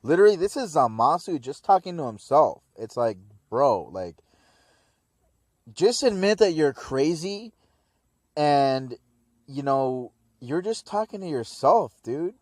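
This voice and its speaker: A man's voice: fairly high pitch, big pitch swings, measured pace, no room sound. Brief: laid-back guy reviewing an episode, slangy and rambling, dry close-miked sound. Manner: slangy, rambling, lots of dude and man. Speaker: anime reviewer.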